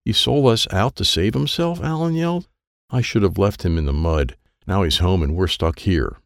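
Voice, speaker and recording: A man voicing Alan, a loud, distrustful boy who accuses his friends. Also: deep voice, moderate pace, vocal fry, no echo, studio quality. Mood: angry.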